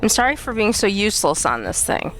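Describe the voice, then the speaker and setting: A woman's voice: mid-range voice, very animated, fairly quick, fairly bright tone, slight background noise. A woman streaming a multiplayer game, chatting casually with teammates and grumbling at herself. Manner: self-deprecating, grumbling about the map. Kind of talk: casual gaming chat with teammates.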